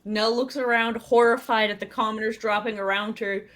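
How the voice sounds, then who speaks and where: A woman's voice: fairly high pitch, fairly even intonation, moderate pace, a bit bright. A woman playing a tabletop game, joking playfully with the other players.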